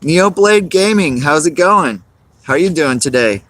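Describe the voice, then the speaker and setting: A man's voice: on the high side, expressive, unhurried, a bit bright, dry recording. A man, live-streaming outdoors on a cold, windy day, rambling and greeting chat viewers by name.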